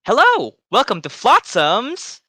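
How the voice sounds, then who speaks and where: A man's voice: very high voice, huge pitch swings, slow pace, bright, forceful tone, no room sound, studio quality, voice pushed up, exaggerated voice. A man voicing an eager, needy little halfling shopkeeper who sells his wares a bit too hard. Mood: cheery. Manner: pleading, overeager salesman.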